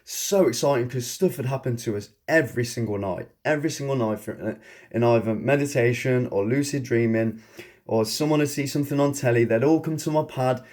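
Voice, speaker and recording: Man, mid-pitched voice, casual vlogger recounting his past, excitable and rambling, laughs between lines. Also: fairly quick. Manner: rambling, excitable, frequent chuckles. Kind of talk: casual storytelling monologue.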